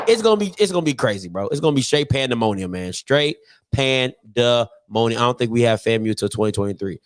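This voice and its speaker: A man hosting a live call-in sports talk show, animated, jumping between loud hype and muttering asides. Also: medium pitch, brisk.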